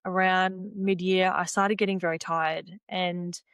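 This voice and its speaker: A woman's voice: fairly low pitch, measured pace, smooth, no room sound. A young woman, a former swimmer and podcast guest, talking casually about her past and quoting what she and others said. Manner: retells conversations by quoting herself and others; relaxed, frequent "like" and "you know" fillers. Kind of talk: casual interview storytelling.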